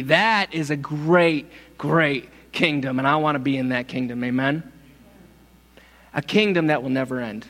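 A man's voice: fairly high pitch, measured pace, a bit bright. A male pastor preaching a sermon, emphatic and repeating words for stress, calling for responses. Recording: long hall reverb.

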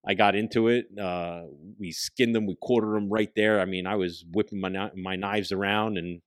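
A man, a guest on a talk show, telling a hunting story in a casual, profane, animated way and often dropping his voice to a hush. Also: fairly low pitch, normal speed, clean tone, dry recording. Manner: profane, animated storyteller who drops into hushed tones.

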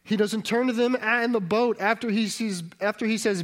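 A man preaches in a high, steady tone, talking a little fast with hardly any pauses. The sermon feels conversational, with frequent rhetorical questions for listeners and sentences he restarts and corrects as he goes.

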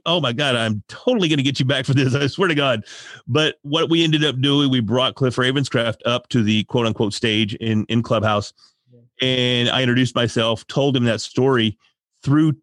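A man telling a story in a casual podcast chat, animated and emotional, laughing often. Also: medium pitch, no room sound, studio quality. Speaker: podcast guest.

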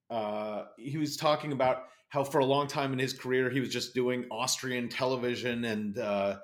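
A man interviewing a guest, asking questions in a hesitant way with many "um" and "uh" fillers. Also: medium pitch. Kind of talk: casual interview.

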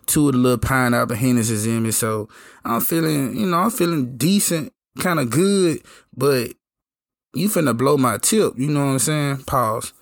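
A hoarse man telling a story in a casual, slangy, laid-back way. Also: mid-range voice, normal speed, no echo, clean studio sound. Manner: laid-back slangy talk, lots of "you know what I'm saying". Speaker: podcast host telling a story.

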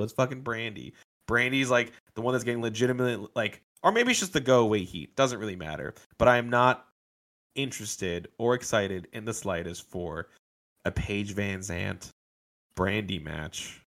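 A man's voice: fairly low pitch, moderate pace, a bit bright. A man co-hosting a casual wrestling podcast, rambling with lots of fillers and frequent laughs. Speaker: podcast co-host. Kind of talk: casual wrestling review chat.

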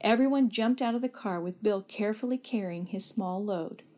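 A woman narrating a children's story aloud in a steady, gentle read. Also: medium pitch, moderate pace.

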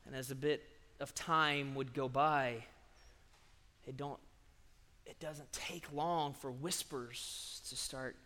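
Storytelling preacher in a reverberant hall. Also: male voice, fairly high pitch, takes it slowly. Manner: storytelling, conversational, surges in loudness. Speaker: pastor. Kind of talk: sermon.

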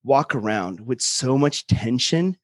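A man on a podcast telling a prank story with lively quoted voices. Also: medium pitch, slow, no echo, clean studio sound. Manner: animated storyteller, acts out quotes. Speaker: guest. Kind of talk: casual storytelling chat.

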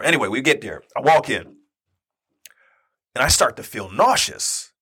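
Husky and mid-range, this thirty-something man's voice moves at normal speed with frequent pauses. Chatting casually, he shares a personal story and animatedly performs the lines people said.

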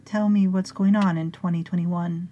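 A woman voicing the spirit of a middle-aged man, speaking slowly in a low, hushed voice. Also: fairly even intonation, muffled recording, soft background music, natural voice. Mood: sly.

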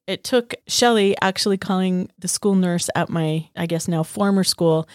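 A woman's voice: medium pitch, normal speed, no echo. Wry woman podcaster, dry close sound. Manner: wry, self-deprecating storytelling. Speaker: podcast co-host. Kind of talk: casual podcast chat.

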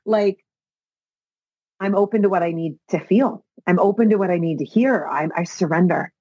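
A middle-aged woman speaks on her solo motivational podcast in a soft, breathy voice that sits at an ordinary pitch. She talks earnestly, repeats her phrases and climbs toward emotional intensity. The sound is close and dry, with no room around it. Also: moderate pace, no echo, poor audio. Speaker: podcast host. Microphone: video call.

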